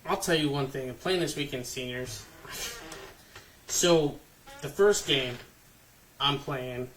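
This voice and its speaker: This is a man in his fifties sharing a softball story on a podcast, profane and animated as he mimics what others said. He sits back from the mic, and there is faint noise under his voice. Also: mid-range voice, slow pace, recorded from a distance. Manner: profane, animated, acts out quotes. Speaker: podcast co-host. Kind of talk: casual storytelling chat.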